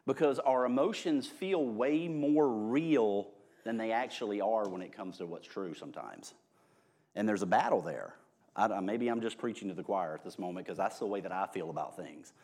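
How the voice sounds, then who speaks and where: A man preaching an informal, humorous sermon, joking at his own expense and swinging between hushed and loud delivery. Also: on the low side. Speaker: pastor.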